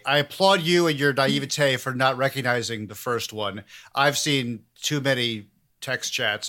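A man's voice: medium pitch, sharp tone. A man hosting a comedic interview, talking in a dry, mock-grandiose way, as if he made humanity. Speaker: podcast host.

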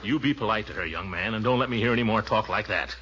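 An actor playing a pompous, flustered middle-aged uncle who blusters and laughs nervously, in 1940s radio comedy style. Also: male voice, fairly low pitch, quick pace, close to an everyday voice. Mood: blustering. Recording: dull old radio recording.

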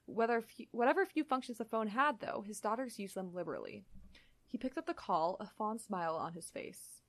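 A young woman reading a story aloud and chatting in between, talking fast with lots of "like". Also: medium pitch, sing-song, dry recording. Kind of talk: reading fan fiction aloud and casual chat.

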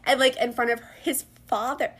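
A woman's voice: a little high, steady tone, normal speed, fairly bright tone, husky. A woman co-hosting a book podcast, blunt and laid-back in casual chat. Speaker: podcast co-host.

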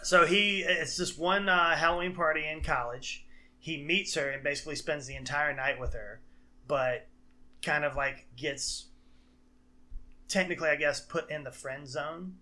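A man's voice: on the high side, steady tone, normal speed, pushed and bright. A man co-hosting a casual podcast, recapping a film plot in a rambling way, full of fillers and restarts. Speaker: podcast co-host. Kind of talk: casual chat.

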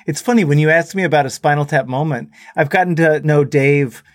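A man's voice: on the high side, brisk, no room sound, clean studio sound. A man as a guest on a talk show, telling anecdotes and quoting the people in them. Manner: animated anecdotes with quoted voices. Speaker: musician guest. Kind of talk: casual storytelling interview.

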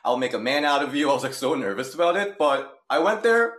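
A man's voice: fairly high pitch, big pitch swings, fast talker, fairly bright tone, echoey room. A man guest in a casual interview who tells stories in an upbeat way and laughs often. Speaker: guest, wrestling channel host.

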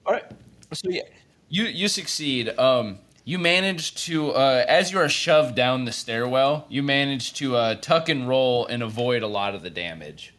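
A man's voice: medium pitch, expressive, a little slow, fairly bright tone. A man narrating a tabletop game as game master, rambling with frequent restarts.

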